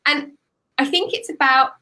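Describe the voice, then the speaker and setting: Woman, interview host, bright voice, frank and reflective. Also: sits high, moderate pace. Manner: reflective, frank, shares personal stories. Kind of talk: conversational interview.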